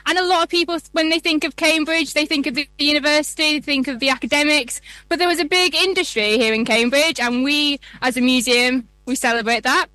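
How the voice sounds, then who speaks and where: A woman's voice: high-pitched, brisk, few pauses, pushed and bright, no room sound. A woman with a Yorkshire accent, a museum guest explaining things in a chatty live radio interview outdoors. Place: outdoor event.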